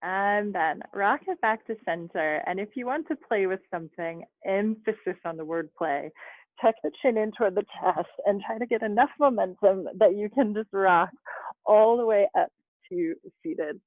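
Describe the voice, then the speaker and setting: A woman's voice: medium pitch, moderate pace, no echo. Woman yoga teacher on a tinny call. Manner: calm, chatty cues with laughs and asides. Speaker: yoga instructor. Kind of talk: guiding a yoga class over video call. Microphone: video call. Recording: dry, phone-like video call audio.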